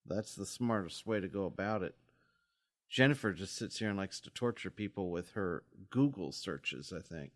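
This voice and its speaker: A man's voice: low-pitched, expressive, moderate pace, no room sound, clean studio sound. A man co-hosting a podcast, explaining things in an easygoing, teasing way. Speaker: podcast co-host. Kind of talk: casual podcast chat.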